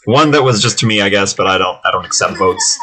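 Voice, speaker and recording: A laid-back man hosting a tabletop game session as game master. His voice sits a little low but sounds bright and clear, and he talks loosely, with plenty of fillers and easy laughter. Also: quick pace, poor audio. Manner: easygoing, laughing, filler-heavy. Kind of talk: casual tabletop game narration.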